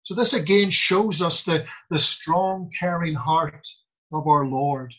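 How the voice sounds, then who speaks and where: Slow, breathy male preacher. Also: on the high side, sharp tone, poor audio. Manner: slow, deliberate, quoting scripture with emphatic pauses. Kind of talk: sermon.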